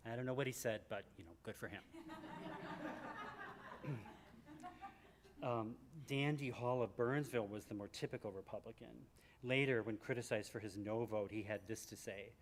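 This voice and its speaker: A man's voice: normal speed, pauses often, a little hiss or hum. Joking man in his sixties reading aloud. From Michigan, USA. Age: 60s. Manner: animated and joking, with big swings in pitch and loudness. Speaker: author at a book event. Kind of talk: reading from his memoir to a live audience. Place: library event room.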